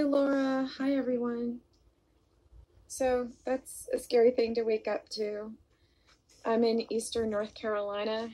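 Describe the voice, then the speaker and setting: A woman hosting a casual live stream on her vlog, greeting viewers by name and reading their comments aloud, speaking softly and apologetically about her mood disorder into a phone or webcam mic. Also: mid-range voice, poor audio.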